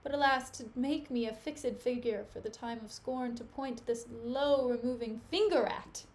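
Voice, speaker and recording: A woman's voice: fairly high pitch, normal speed, darkish tone, natural voice. A woman reading the part of a jealous, anguished nobleman, declaiming his bitter lines. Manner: declaiming, bitter Shakespearean speech. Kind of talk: casual dramatic reading on a livestream.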